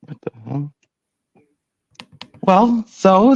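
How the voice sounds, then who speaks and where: A man's voice: medium pitch, big pitch swings, fast talker, a bit bright, highs cut off. A man who is a guest on a casual livestream podcast, cracking crude jokes and teasing the host. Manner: joking, teasing, crude humor. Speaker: guest band member.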